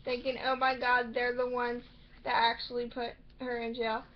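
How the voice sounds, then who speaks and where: A young woman casually recapping a TV episode, rambling and acting out characters' lines in quick bursts. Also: on the high side, monotone. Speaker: recap vlogger. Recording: slightly muffled home recording with faint noise.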